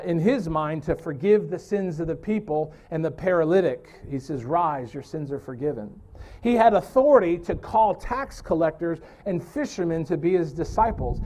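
A man's voice: sits high, dark tone. A man preaching a sermon, earnest and explanatory, now and then correcting himself mid-sentence.

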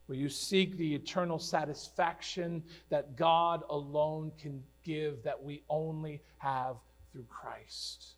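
Male pastor, sermon, earnest, loud declamation in quotes, slightly high pitch, faint hum.

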